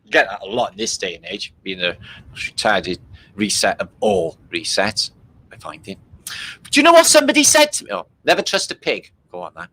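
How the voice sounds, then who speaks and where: A man's voice: on the low side, very animated, a little fast, sharp tone, slightly rough, rough recording. A man hosting a livestream, making sarcastic jokes and slipping into silly voices. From Britain. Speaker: livestream host. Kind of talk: casual mocking commentary.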